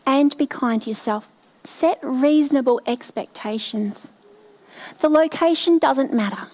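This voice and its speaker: Middle-aged woman preaching, high voice, slow and heartfelt, personal. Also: a little mellow. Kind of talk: sermon.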